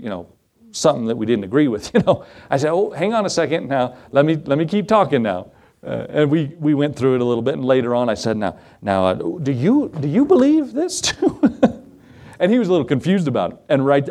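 A middle-aged man preaching a sermon, telling folksy stories with frequent chuckles and big swoops in pitch. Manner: folksy, chuckling storyteller with lively pitch swings. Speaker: pastor.

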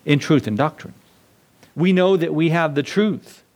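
A man's voice: fairly high pitch, a little slow, darkish tone. Man preaching a conversational sermon. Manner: conversational preaching, asks the congregation questions. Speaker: pastor.

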